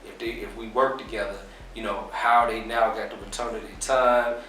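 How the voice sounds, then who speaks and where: Guy explaining his business in an interview, kinda low voice, really echoey room, sounds far from the mic. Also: normal speed, a little hiss or hum. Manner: relaxed, explanatory, fillers like "uh" and "you know". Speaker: interview guest, business owner. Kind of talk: casual interview talk.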